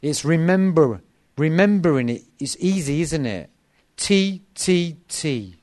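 A man's voice: fairly high pitch, lively intonation, slow pace, darkish tone. A middle-aged man preaching a sermon to a gathering, with an emphatic delivery full of repetition.

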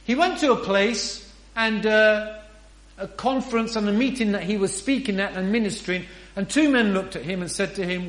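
High-voiced preacher, slow and roomy. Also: male voice, fairly bright tone. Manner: earnest, emphatic, with repeated rhetorical questions. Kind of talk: sermon. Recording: roomy echo.

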